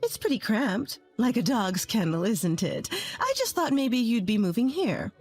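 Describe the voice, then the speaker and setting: A woman's voice: high voice, big pitch swings, normal speed, soft background music, pitched above the performer's own voice. A woman voicing a two-faced mother-in-law in her late forties, mocking and dismissive under a cheerful tone. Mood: falsely sweet.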